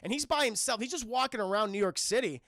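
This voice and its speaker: A man's voice: high voice, fast talker, dry recording, studio quality. A man casually recapping a film scene by scene for his stream chat, rambling and profane. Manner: animated, profane, rambling storytelling.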